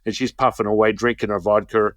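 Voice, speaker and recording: Animated low-voiced man telling a story. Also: quick pace, dry recording. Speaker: Taoist teacher, interview guest. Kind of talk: casual storytelling.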